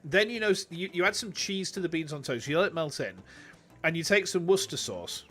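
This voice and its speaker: Animated English male streamer, jokey, lively pitch, faint game music behind. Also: fairly quick. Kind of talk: casual game-stream chat.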